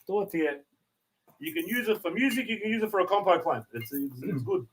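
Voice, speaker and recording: A man's voice: high-pitched, sing-song, brisk, husky. An Australian man co-hosting a podcast, laid-back, telling a crude joke and laughing often. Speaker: podcast co-host. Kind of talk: casual chat, joke-telling.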